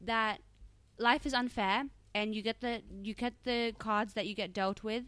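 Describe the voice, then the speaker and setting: A woman's voice: fairly high pitch, fairly even intonation, normal speed, a bit bright, clear, resonant tone. A woman co-hosting a podcast, chatting casually and teasing her co-host in a playful way. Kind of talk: casual chat.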